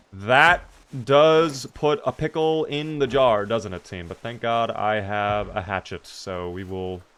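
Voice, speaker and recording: This young streamer's voice is fairly low in pitch, with slight background noise. He talks casually through a survival game, reads out the chat, and lets loose animated, exasperated outbursts at his character.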